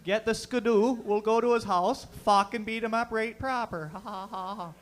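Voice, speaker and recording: A man's voice: high voice, steady tone, normal speed, pitched above the performer's own voice, natural voice. A man voicing a jeering young male hockey player bully with a Barrie, Ontario accent and a braying, mocking laugh.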